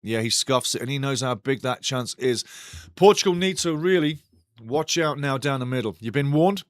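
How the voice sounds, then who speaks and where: A man's voice: medium pitch, animated, normal speed, dry recording. A man hosting a live match watch-along, commenting on the play and talking passionately to his chat. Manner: passionate, talks straight to chat; ranting, indignant.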